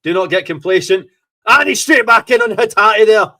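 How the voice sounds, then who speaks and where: An excitable Scottish man with a slightly raised voice gives a running live reaction to a football match. He gloats, curses freely and gets swept up in each moment of the game. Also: high-pitched, normal speed. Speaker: fan podcast host.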